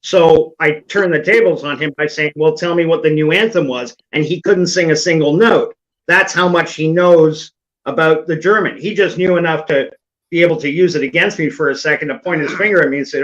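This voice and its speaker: A man's voice: fairly high pitch, a little fast, a bit bright. A man hosting a casual online group chat, telling a long anecdote and laughing along as he goes. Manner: storytelling, laughing at his own anecdote. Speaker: host. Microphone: online call. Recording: dull lo-fi stream audio.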